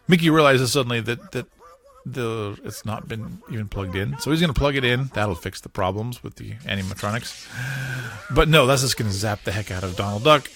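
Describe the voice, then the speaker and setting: A male podcast host narrates a cartoon episode beat by beat, his pitch bouncing up and down as the action heats up. He keeps it casual and chatty, chuckling along as he goes, at a middling pitch. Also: normal speed, pauses often, soft background music. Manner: animated play-by-play retelling with chuckles.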